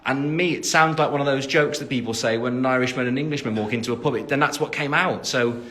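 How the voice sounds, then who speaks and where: A man's voice: medium pitch, fast, a bit bright. English guy in his 20s rambling on a phone livestream, lots of ums, jokey, laughs at himself. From England. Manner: chatty and rambling, with many fillers and restarts. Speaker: livestream host answering fan comments. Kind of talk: casual livestream chat.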